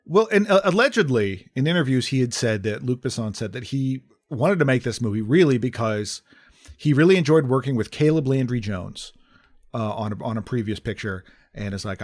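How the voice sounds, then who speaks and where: A man with a mid-pitched voice co-hosting a film podcast. He speaks in a measured, wry way and often pauses on fillers while he thinks. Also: lively intonation, a little mellow. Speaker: podcast co-host. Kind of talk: casual film review chat.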